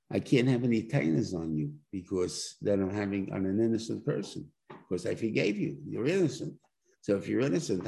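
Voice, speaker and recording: A man's voice: mid-range voice, vocal fry, dark tone, breathy edge, poor audio. A man, a rabbi, giving a conversational weekly Torah class that is full of rhetorical questions and "right?" check-ins. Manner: explains by plain everyday examples.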